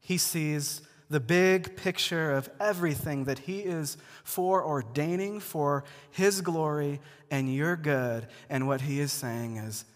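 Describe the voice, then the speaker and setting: A man's voice: fairly high pitch, slow pace, few pauses. A male pastor giving a conversational sermon to a congregation, talking casually and often restarting his words. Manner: relaxed, repeats words as he restarts, addresses the congregation directly. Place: church before a live congregation. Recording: long hall reverb.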